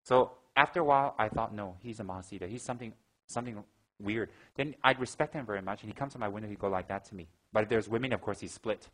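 A man with a fairly low voice gives a dharma talk at a quick clip. He moves between teaching and lively anecdotes, acting out gasps and the lines of people in his stories. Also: poor audio. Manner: animated storyteller, acts out gasps and quotes. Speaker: Buddhist teacher.

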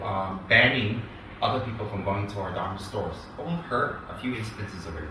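A man giving a Buddhist dharma talk, animated, mimicking people and rising into loud indignation. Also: on the low side, a little fast. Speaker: Buddhist teacher. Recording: echoey hall, picked up from a distance, with background noise.

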